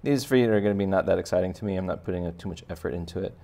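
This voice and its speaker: His voice is low, creaky and dark, and he talks very fast. He's an art teacher drawing for kids, keeping it casual with joking asides as he sketches.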